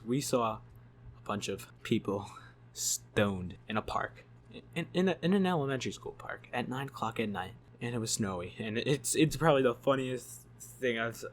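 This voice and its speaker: A man's voice: mid-range voice, slight background noise. A man telling a story in a casual vlog, rambling, swearing and laughing as he goes. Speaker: YouTube storyteller.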